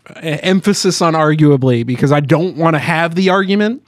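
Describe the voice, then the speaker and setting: A man's voice: on the high side, brisk, no room sound, studio quality. A man co-hosting a podcast in casual chat, eager and talkative, laughing often. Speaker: podcast co-host.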